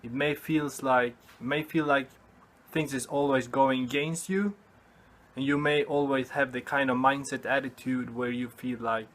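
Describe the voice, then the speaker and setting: Slow, earnest man giving a pep talk. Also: medium pitch, steady tone, a bit bright. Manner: earnest, halting, repeats himself and says "you know" often. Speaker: vlogger. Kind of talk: motivational vlog talk to camera.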